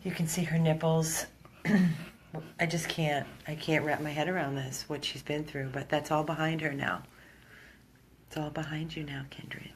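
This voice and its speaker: A woman with a low voice narrates a phone video for an animal rescue from inside a room. She speaks earnestly and with feeling, straight to her viewers, with a faint hiss of noise under her. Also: level tone, normal speed. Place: indoor room.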